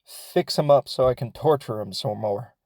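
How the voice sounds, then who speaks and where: A man's voice: medium pitch, normal speed, a little mellow, no room sound, clean studio sound, close to an everyday voice. A man voicing a cruel, stern army captain in a casual, offhand way. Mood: curt.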